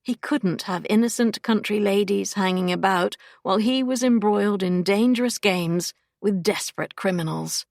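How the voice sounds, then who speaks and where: A woman narrating a romance audiobook in an unhurried, measured way. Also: medium pitch, creaky, darkish tone, no room sound, studio quality. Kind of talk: scripted narration.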